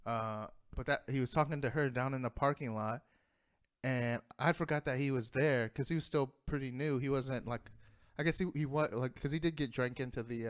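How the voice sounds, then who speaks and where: Man, casual storyteller, profane and rambling, smooth tone. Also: mid-range voice. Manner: profane, rambling, laughs often.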